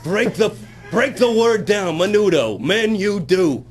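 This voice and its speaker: A man's voice: sits high, lively intonation, unhurried, soft background music. A man playing a sleazy old-time comic who brags crudely, in raunchy roast banter. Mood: boastful. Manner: brash, crude, self-interrupting with laughs. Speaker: guest comic character. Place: strip club, via satellite.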